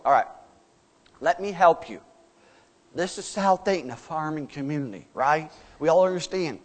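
Pastor guy preaching, kinda high voice, folksy and punchy, lots of questions. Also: animated, normal speed. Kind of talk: sermon.

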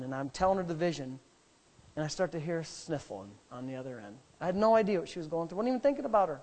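Brief: middle-aged male pastor, high-pitched, emphatic and rambling as he tells a story from the pulpit. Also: expressive, quick pace, a little mellow. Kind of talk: sermon storytelling.

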